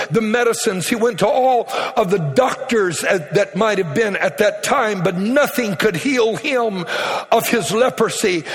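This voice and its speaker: High-voiced preacher in a reverberant hall. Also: male voice. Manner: dramatic storytelling, acting out quotes. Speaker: pastor. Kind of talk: sermon.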